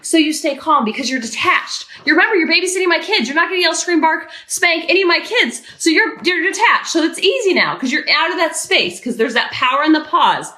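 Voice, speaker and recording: A middle-aged woman and podcast host, coaching parents in an energetic, emphatic way and repeating her key phrases. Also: very high-pitched, brisk, few pauses, echoey room.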